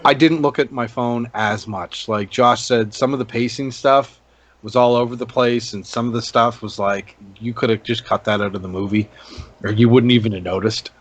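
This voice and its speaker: A man's voice: mid-range voice, fairly even intonation, normal speed. A man co-hosting a casual movie review podcast, rambling with many ums and restarts. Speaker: podcast co-host.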